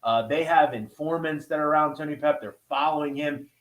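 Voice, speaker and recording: A man's voice: on the high side, fairly quick. Echoey man telling a casual story. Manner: conversational, swears, checks in with listeners. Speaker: podcast host. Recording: roomy echo.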